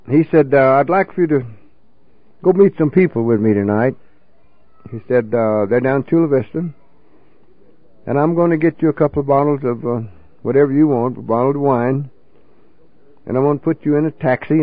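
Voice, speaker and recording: A man's voice: a little high, no echo, narrow, tinny audio. An older man telling a folksy, salty story of his drinking days to a recovery meeting, peppering it with "you know.".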